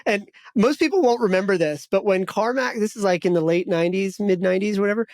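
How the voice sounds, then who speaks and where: A man in his forties hosts a casual podcast interview. His voice sits high and light, and he tells stories in a loose, rambling way, doubling back on himself. The sound is dry and close, with no room around it. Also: quick pace, darkish tone, dry recording. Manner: storytelling, rambling with restarts. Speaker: podcast host.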